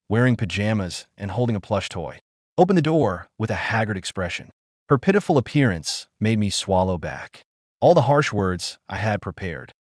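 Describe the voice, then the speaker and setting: A man narrating a first-person story in an expressive, emotional reading. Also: fairly low pitch, dry recording, clean studio sound.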